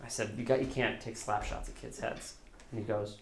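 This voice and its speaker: A man's voice: on the low side, fairly even intonation, a little fast, vocal fry, reverberant. A man telling a personal story live, in a casual, self-deprecating way, acting out the dialogue as he goes. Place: small live storytelling venue.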